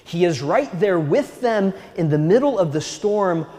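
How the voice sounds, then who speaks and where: A male priest giving a Sunday sermon in a church, speaking gently and reassuringly with a touch of humor. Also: high-pitched, expressive, a little slow. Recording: echoey church hall.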